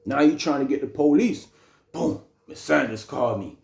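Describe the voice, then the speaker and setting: A young man casually telling a story, animated and slangy, often repeating phrases. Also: medium pitch, moderate pace, creaky. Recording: roomy echo.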